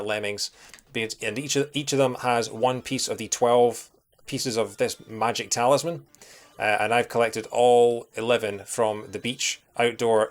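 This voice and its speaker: A young man with a soft Scottish accent, chatting casually and thinking aloud while streaming a retro game, greeting viewers as he goes. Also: mid-range voice. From Scotland. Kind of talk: casual live-stream commentary.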